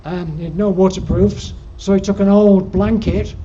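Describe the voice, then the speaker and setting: Speaking in a high, dark voice with a steady tone and moderate pace, an older Yorkshire-accented man gives a rambling, dryly funny slide-show talk, um-ing often. He is the alpine club's guest speaker, in a lecture room. A dull lo-fi recording carries faint noise.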